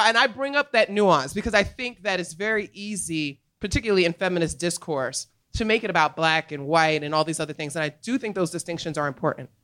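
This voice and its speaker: An adult American woman, the guest on a live podcast recorded on a comedy club stage, talking emphatically and laughing easily. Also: lowish voice. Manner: animated, emphatic storyteller with laughter.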